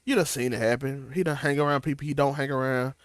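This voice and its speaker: A man's voice: medium pitch, fairly even intonation, quick pace, no room sound, studio quality. A young man, co-hosting a casual TV recap chat, talking loosely with slang and restarts. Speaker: co-host of a TV recap show.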